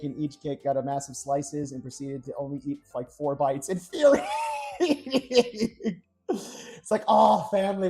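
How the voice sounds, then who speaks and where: On a cooking live stream, a young man speaks in a fairly high, mellow voice, wandering from one story to the next and responding to chat. Soft background music is faintly audible.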